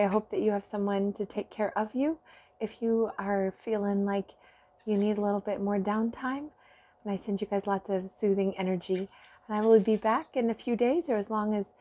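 A woman with a hoarse, scratchy voice giving a casual vlog update to her viewers. She talks haltingly and apologetically, with many pauses and soft laughs. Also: mid-range voice, fairly even intonation. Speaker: vlogger and card reader.

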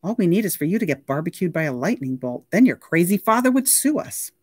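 A woman reading aloud, voicing a brisk, fussy, kindly crew woman who mothers a boy. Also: on the low side, very animated, a little mellow, slightly rough, dry recording, studio quality.

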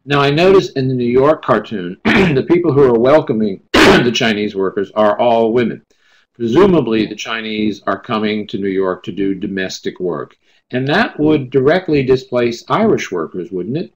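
A man moderating a webinar, asking a guest questions in a halting way and clearing his throat. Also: medium pitch, lively intonation. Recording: dull lo-fi sound.

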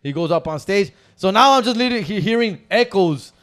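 Chicano co-host, easygoing storyteller, slightly high voice, slips into Spanish words. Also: male voice, lively intonation, fast talker, a bit bright. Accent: Chicano English. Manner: laid-back, mixes in Spanish words, says "fool" often. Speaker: podcast co-host. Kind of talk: casual storytelling chat.

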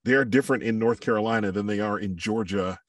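A man who works as a voiceover artist and coach, speaking as a podcast guest in a measured, reflective way and giving examples. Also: on the low side, no echo, studio quality, far from the mic. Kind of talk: podcast interview, thoughtful conversation.

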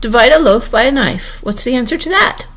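A woman doing a sharp, scolding queen. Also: fairly high pitch, expressive, a little fast, pitched above the performer's own voice. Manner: sharp, impatient, lecturing. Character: stern bossy royal queen, sharp and scolding.

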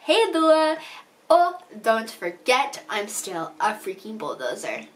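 A woman's voice: medium pitch, huge pitch swings, unhurried, distant mic, a little hiss or hum. A woman chatting casually to camera in a vlog, bubbly and laughing at herself. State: out of breath. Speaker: vlogger.

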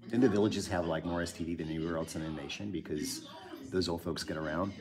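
A man's voice: low voice, steady tone, fast talker, a crowd in the background. A middle-aged man hosting a casual live stream, rambling and joking dryly as he reads out where viewers are from. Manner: rambling, reads out viewer locations, dry jokes. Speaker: host.

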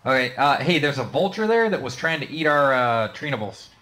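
A man of middle pitch talks easily through a co-op game session with a friend. He stays laid-back, then bursts out with a curse when something goes wrong. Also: very animated, fairly quick, pushed and bright. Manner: laid-back, with sudden swearing outbursts. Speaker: gamer. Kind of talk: casual co-op gameplay chat.

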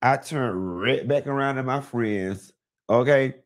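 A man hosting a live celebrity gossip show, talking bluntly and sassily, with lots of cursing and animated storytelling. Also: mid-range voice, takes it slowly. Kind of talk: casual celebrity gossip commentary.

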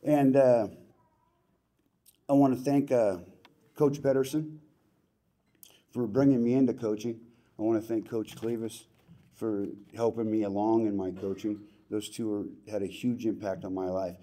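A man's voice: fairly low pitch, fairly even intonation, measured pace, pauses often, dark tone. A middle-aged man giving an emotional hall of fame acceptance speech in a plainspoken, folksy way with casual slang. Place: banquet hall ceremony.

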